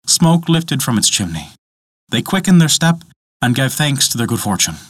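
A man narrating a myth as a storyteller, with expressive, dramatic delivery. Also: mid-range voice, moderate pace, breathy edge, no room sound.

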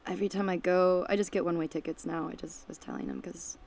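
Lower-voiced chatty woman with hissing S's. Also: steady tone, fast, darkish tone. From United States, Detroit and Nashville. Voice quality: hissing sibilant S sounds. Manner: chatty, laughs often, trails off mid-sentence. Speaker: musician guest. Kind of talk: casual interview chat.

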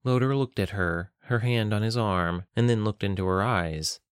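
A man narrating a novel in a measured, even storytelling voice on a close mic. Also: lowish voice, clear, resonant tone, no echo. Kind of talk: scripted audiobook narration.

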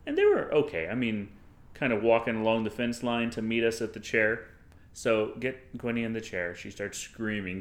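A man's voice: lowish voice, lively intonation, normal speed. Laid-back guy chatting, telling a story, roomy echo around him. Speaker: co-host, father. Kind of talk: casual storytelling chat.

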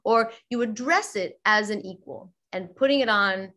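A middle-aged woman yoga teacher, talking as a guest in a relaxed interview, lively and quick to act out the voices she quotes. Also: medium pitch. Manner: animated, acts out quoted voices. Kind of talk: casual interview chat.

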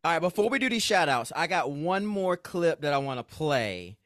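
A man's voice: a little high, sing-song, normal speed, fairly bright tone. A man guesting on a podcast as interviewer, teasing the host and hurrying through set-ups. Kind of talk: casual podcast chat.

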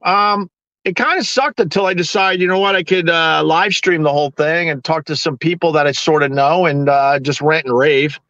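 A man's voice: on the high side, moderate pace, sharp tone, no room sound, lo-fi sound. A man hosting a live stream, ranting with sarcastic exasperation to the people watching.

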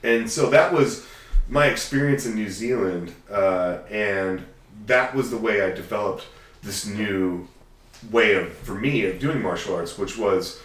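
A man being interviewed, telling long stories in a casual way and acting out conversations with bursts of loud energy. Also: fairly low pitch, measured pace, recorded from a distance. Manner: animated storyteller, acts out dialogue loudly. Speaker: guest. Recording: echoey room, a bit off-mic, faint ambience.

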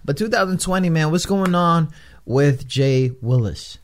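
A man's voice: lively intonation, a little slow. A man hosting a casual interview chat, swearing freely and often laughing. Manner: loud, profane, laughing rants with swings in pitch. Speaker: podcast host.

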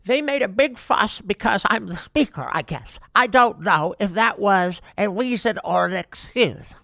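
A mocking impression of an older woman politician, pitched a little higher and set back from the mic, as a man puts her on. The delivery is exaggerated for ridicule, and the recording is dry. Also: expressive, a little slow, gravelly, pushed and bright, no echo, exaggerated voice.

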